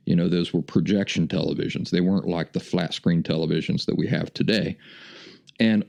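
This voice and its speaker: A man's voice: low-pitched, creaky, darkish tone. A middle-aged man hosting a podcast, telling a personal story in a folksy, chuckling, casual way. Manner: folksy, chuckling anecdotal delivery. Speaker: podcast host.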